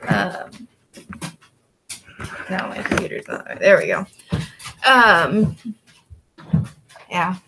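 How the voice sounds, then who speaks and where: A woman reseller chatting casually with her viewers as she works, drawling along with plenty of fillers. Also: noisy background. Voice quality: gravelly, creaky. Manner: slow, drawling and relaxed, with frequent fillers; calls to her dogs in a high, coaxing voice. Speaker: online reseller vlogger. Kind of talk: casual chat while working, answering viewers.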